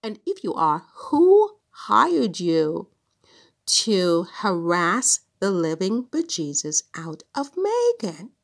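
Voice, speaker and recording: A woman imitating a young Italian man with a heavy accent, asking emphatic, high questions. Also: wildly swooping pitch, takes it slowly, gravelly, heavily acted. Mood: excited.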